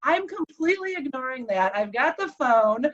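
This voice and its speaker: A woman telling an emotional personal story, animated and acting out the dialogue. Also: high voice, normal speed, highs cut off. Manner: animated, acts out quoted dialogue.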